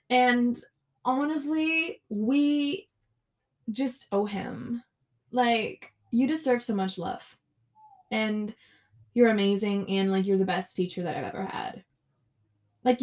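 Young woman, solo podcast host, unhurried delivery, casual swearing, filler-heavy rambling. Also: medium pitch, darkish tone. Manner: ranting, frequent cursing, lots of "like" fillers.

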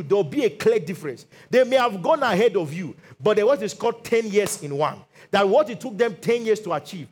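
A middle-aged Nigerian man preaching a sermon as lead pastor, leading the congregation in call-and-response declarations. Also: on the high side.

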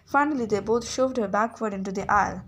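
A woman's voice: medium pitch, quick pace, a little hiss or hum. Woman reading a novel aloud. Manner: lively first-person narration with small slips. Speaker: audiobook reader.

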